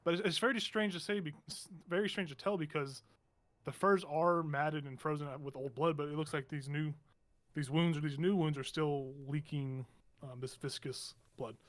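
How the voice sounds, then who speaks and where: A man narrating a tabletop game as game master in a meandering, halting way with many restarts. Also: a little high, steady tone. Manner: meandering, halting, self-correcting.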